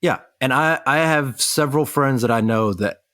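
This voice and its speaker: An American man co-hosts a casual podcast and retells his story briskly, slipping into the voices of the people in it. His voice sits at a middle pitch and is recorded close and dry, with no room sound. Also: no echo. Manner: brisk, animated retelling with quoted dialogue. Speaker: podcast co-host.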